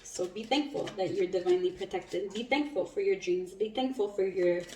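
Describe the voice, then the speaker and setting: A woman with a mellow, warm voice gives a loose, chatty tarot reading, laughing often and swearing now and then. She sits a little back from the mic in a roomy, echoing space. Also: medium pitch, normal speed, a little hiss or hum. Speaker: tarot reader. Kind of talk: casual spiritual tarot reading. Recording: roomy echo, mic at a distance.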